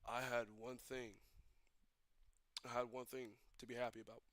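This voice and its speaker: A young man in visible emotional distress, ranting alone on a stream in a halting, repetitive, despairing way. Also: mid-range voice, level tone, fairly bright tone, no echo. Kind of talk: emotional solo rant.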